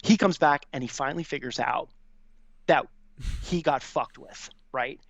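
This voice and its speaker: A man's voice: medium pitch, unhurried, a bit bright, no room sound. A man in his fifties, a podcast guest and veteran, telling a casual, profane anecdote and acting out the people he quotes. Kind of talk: casual storytelling. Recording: dry, slightly dull audio.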